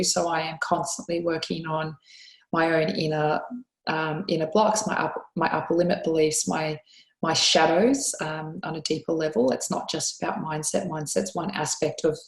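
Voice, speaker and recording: A woman's voice: low-pitched, roomy sound, low-quality recording. A woman hosting a solo podcast, telling stories in an earnest, reflective way. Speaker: podcast host.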